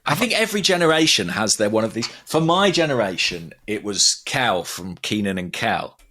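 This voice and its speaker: A man's voice: on the low side, big pitch swings, normal speed, sharp tone. A man in his thirties, from England, co-hosting a casual chat with emphatic, thinking-aloud talk. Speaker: podcast co-host.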